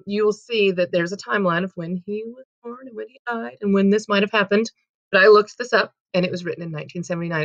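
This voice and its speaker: A woman's voice: medium pitch, fairly bright tone, lo-fi sound. A woman teaching a casual poetry lesson, talking in a chatty, filler-heavy way and correcting herself as she goes.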